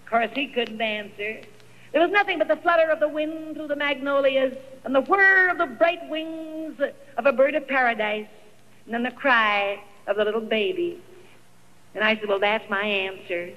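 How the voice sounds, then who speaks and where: A woman's voice: sits high, moderate pace. Woman's dramatic testimony on an old recording. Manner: dramatic, quoting others in her own voice. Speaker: evangelist telling her life story. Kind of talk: emotional personal testimony. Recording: dull old archival recording in a reverberant hall.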